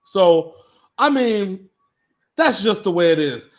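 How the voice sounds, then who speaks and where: Man in his thirties, high-pitched, loud and laughing, profane sports banter on a call. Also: animated, slow pace. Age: 30s. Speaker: co-host. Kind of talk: casual sports podcast banter. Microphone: remote call.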